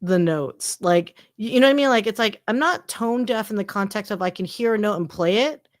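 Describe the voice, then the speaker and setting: A woman's voice: medium pitch, a little fast. Chatty woman around forty. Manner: chatty, animated, lots of fillers and laughs. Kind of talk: casual chat on a livestream.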